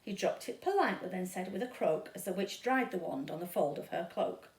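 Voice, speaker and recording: Expressive woman reading a children's story. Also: mid-range voice, recorded from a distance. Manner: expressive, dramatic, slow. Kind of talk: children's read-aloud storytime. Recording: echoey room.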